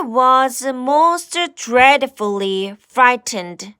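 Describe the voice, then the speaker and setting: A woman's voice: sits high, animated, extremely slow, bright, forceful tone, smooth, no echo, clean studio sound. A woman with a Korean first language reading a picture book aloud to children as their English teacher, exclaiming and asking the listener questions.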